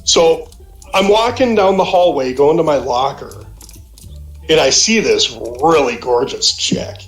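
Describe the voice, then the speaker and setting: A man in his fifties from Minnesota tells a rowdy, profane story on a voice call, voicing every quote. His voice sits fairly high for a man. The call audio is echoey, with faint music underneath. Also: measured pace. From Minnesota, USA. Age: 50s. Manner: animated, profane storyteller who acts out quotes. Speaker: guest, a friend's dad on a call.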